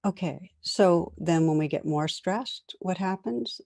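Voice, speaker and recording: A middle-aged woman meditation teacher giving a conversational dharma talk to a class, with gentle laughs as she tells stories. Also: fairly low pitch, slow, gravelly, no echo, clean studio sound.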